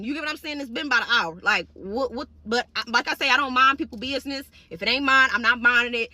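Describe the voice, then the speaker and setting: High, bright-voiced young woman ranting. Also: quick pace, few pauses, dry recording. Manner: blunt, profane, talks straight to viewers. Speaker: hairstylist telling a storytime. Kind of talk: casual storytime to camera.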